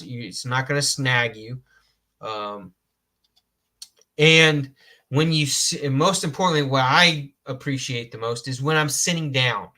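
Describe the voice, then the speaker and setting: Slow, bright-voiced man rambling. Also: on the high side. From Georgia, US. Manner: rambling, self-correcting, laughs at own jokes, mild cursing. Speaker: host reviewing outdoor knives. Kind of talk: casual gear review.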